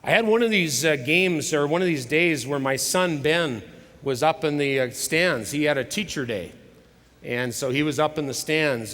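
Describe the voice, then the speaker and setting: A middle-aged man giving a motivational sermon at a conference, telling stories dramatically and swinging between loud and hushed delivery. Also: mid-range voice. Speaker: conference speaker. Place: large hall with live audience. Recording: live hall recording with long reverb.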